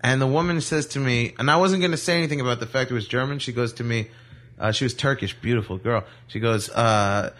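A man's voice: mid-range voice, fast talker, fairly bright tone. A comedian, a man, telling rambling jokey stories in a casual radio chat. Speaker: comedian guest. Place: radio studio.

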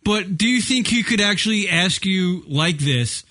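Profane, bright-toned male co-host. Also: sits high, lively intonation, a little slow. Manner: profane, incredulous questioning. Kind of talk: casual radio banter.

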